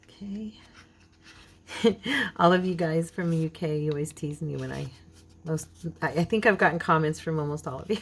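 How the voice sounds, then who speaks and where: Chatty craft lady w/ a frog in her throat, lowish gravelly voice, talking to herself at her craft table. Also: moderate pace, long pauses. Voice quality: chatty, talks to herself while working. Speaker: craft channel host. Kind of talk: casual crafting tutorial chat.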